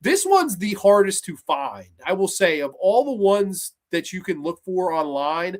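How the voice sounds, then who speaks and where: A man hosting a horror show, reviewing films in an excited, rambling, profane way. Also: high-pitched, a little slow. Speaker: horror podcast host. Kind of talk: casual film review.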